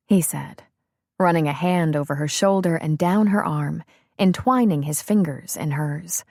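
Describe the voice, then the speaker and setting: Husky woman narrating a romance novel. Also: low voice, measured pace, darkish tone, dry recording, studio quality. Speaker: audiobook narrator.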